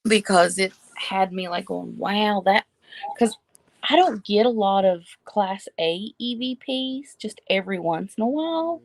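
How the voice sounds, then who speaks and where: A woman hosts a paranormal live stream and tells ghost stories in a loose, animated way. She acts out the voices she quotes. Her voice is mid-pitched and sounds close and dry. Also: measured pace, no room sound. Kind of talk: casual storytelling chat.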